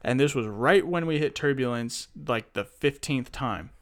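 A young man in casual chat, telling an animated story about his own panic on a flight, swearing freely. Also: medium pitch, moderate pace.

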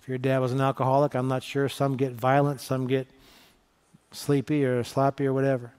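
A man's voice: medium pitch, completely flat delivery, brisk, a little mellow, clear, resonant tone. A middle-aged man from northeast Ohio preaching a sermon in a conversational, storytelling way, asking the congregation questions. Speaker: pastor.

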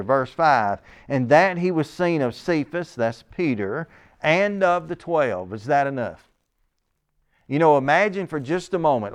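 Man preaching a measured sermon, smooth voice. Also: fairly high pitch. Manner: slows and stresses key scripture phrases; reads scripture aloud, then explains it.

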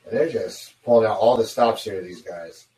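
A man's voice: fairly low pitch, moderate pace, warm tone, roomy sound, rough recording. A man co-hosting a movie watch-along commentary, chatting casually and dropping frequent yeahs and mm-hmms. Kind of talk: casual chat.

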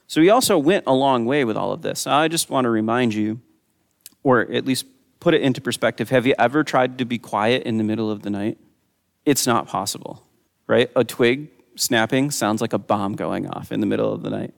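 A man's voice: medium pitch, fairly quick, creaky, long reverb tail. A man preaching a sermon, teaching in a conversational way and reading scripture aloud with a lifted voice.

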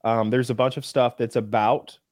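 A man co-hosting a podcast in casual chat, speaking in a relaxed, rambling way. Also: mid-range voice, normal speed, no room sound, studio quality. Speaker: podcast co-host.

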